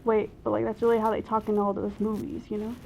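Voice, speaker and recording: A woman's voice: mid-range voice, flat delivery, fast talker, vocal fry, darkish tone, a little hiss or hum, close to an everyday voice, low-quality recording. A woman playing a spacey, slacker young pop star in a comedy sketch, rambling in a laid-back, slangy drawl. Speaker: celebrity guest parody.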